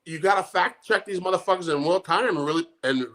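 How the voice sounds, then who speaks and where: A middle-aged man with a bright, edgy tone rants and swears his way through a casual podcast chat. He sounds fed up and heated as he talks. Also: high voice, quick pace. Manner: angry, profane ranting. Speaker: podcast co-host.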